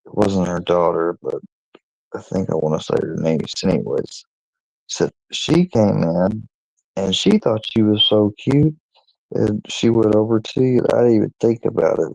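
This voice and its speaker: A man casually telling a personal story to his channel, in a meandering, halting way with many restarts. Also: on the low side, gravelly, darkish tone, no echo, low-quality recording. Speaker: channel owner.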